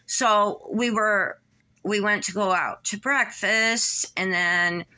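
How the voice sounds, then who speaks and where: Woman vlogger, breathless and halting, bright tone, unhurried emotional rambling. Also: on the low side. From Michigan, USA. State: short of breath, tight-chested. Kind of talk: personal vlog monologue.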